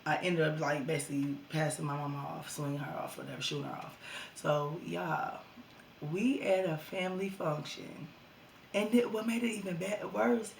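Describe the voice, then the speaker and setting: Gravelly young woman telling a storytime. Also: low-pitched, reverberant, slight background noise. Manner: animated, slangy, addresses viewers as y'all. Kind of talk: casual storytime vlog.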